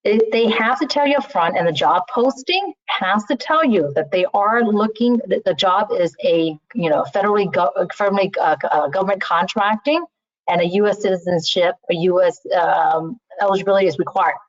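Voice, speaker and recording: A woman's voice: medium pitch, moderate pace, dry recording. A woman recruiter speaking casually in a webinar, often saying "you know" and restarting her sentences. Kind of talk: webinar talk on interview skills. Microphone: video call. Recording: slightly muffled, dry online call audio.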